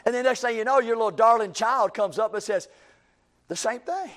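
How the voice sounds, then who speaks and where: A man's voice: very high voice, fairly quick, a bit bright. A male preacher, delivering a sermon in a church with a repetitive, emphatic cadence.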